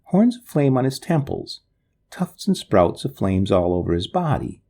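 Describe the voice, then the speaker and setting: A man narrating an old story in the first person, in a dramatic, expressive way. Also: fairly low pitch, moderate pace.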